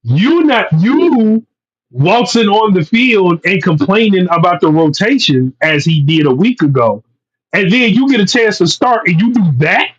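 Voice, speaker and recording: A man co-hosting a sports talk show with a husky, high voice. He rants with heavy profanity and lively swings of pitch. The recording has a dull, lo-fi sound. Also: unhurried. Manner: profane, ranting, animated. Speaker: podcast co-host. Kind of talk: casual sports chat.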